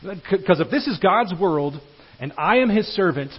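Husky preacher, earnest and emphatic. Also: male voice, high voice, lively intonation, moderate pace. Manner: earnest, emphatic preaching with wide swings from loud to hushed. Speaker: pastor. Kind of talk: sermon. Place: church sanctuary. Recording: dull lo-fi sermon recording.

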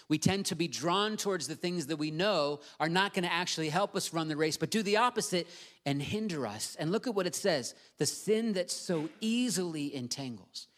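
Male pastor, middle-aged, slightly high voice, earnest and emphatic sermon delivery. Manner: earnest, emphatic preaching with slowed stresses.

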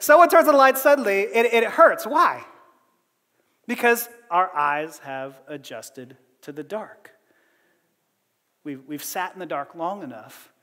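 High-pitched guy preaching, chatty and animated, laughs a lot, big echoey church hall. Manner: animated, laughs often between phrases. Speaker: pastor. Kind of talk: conversational sermon.

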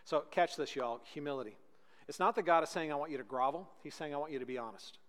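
Man preaching in a reverberant hall. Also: fairly high pitch. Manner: dynamic preaching, swinging between loud emphatic peaks and hushed slow lines. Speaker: pastor. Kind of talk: sermon.

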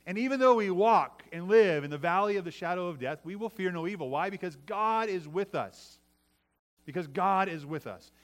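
A man's voice: sits high, animated, moderate pace. A middle-aged man preaching a sermon in a conversational way, often asking his listeners "right?" and restarting his phrases. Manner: conversational preaching with many restarts and tag questions. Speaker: pastor.

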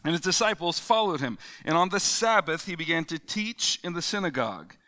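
A man's voice: a little high, animated, brisk, bright, forceful tone. A man preaching a conversational sermon, reading scripture and explaining it with casual fillers and restarts. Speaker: pastor.

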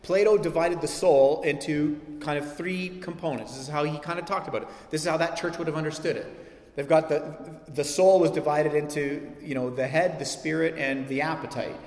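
A man's voice: a little high, a little fast. Man preaching in an echoey hall. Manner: animated preaching, acts out quoted voices. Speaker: pastor. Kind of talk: sermon. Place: church sanctuary. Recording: echoey hall with long reverb.

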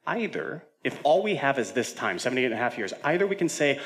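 A man's voice: medium pitch, very animated, fast talker, few pauses. A male senior pastor preaching a sermon in a conversational way, with frequent fillers and self-corrections.

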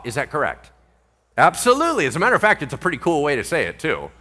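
Lively, bright-voiced male pastor preaching. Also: a little high, fast talker. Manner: animated, full of rhetorical questions. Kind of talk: Bible-teaching sermon.

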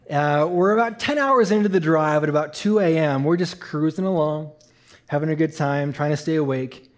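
Slightly high-voiced man telling a testimony. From Eastern Canada. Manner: lively storyteller who drops soft and quiet for grave moments. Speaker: musician sharing a testimony at church. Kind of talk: personal testimony in a church talk.

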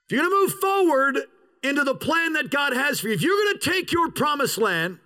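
A man in his fifties delivers a sermon with a high, bright, sharp-edged voice. He swings his pitch widely, lurching into shouts and then slowing to a drawn-out crawl to hammer each point home. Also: low-quality recording. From United States. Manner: animated preacher, bursts into shouts, slows for emphasis. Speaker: pastor.

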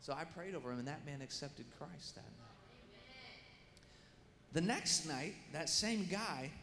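A middle-aged man preaching a sermon and telling a story with lively acted-out voices and sound effects. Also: fairly high pitch, unhurried, a crowd in the background. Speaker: guest preacher. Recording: echoey hall with faint room noise.

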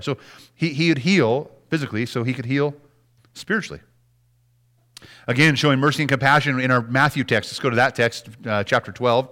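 A middle-aged man preaching a sermon as a pastor, animated and dropping to soft, hushed words for emphasis. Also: medium pitch, brisk.

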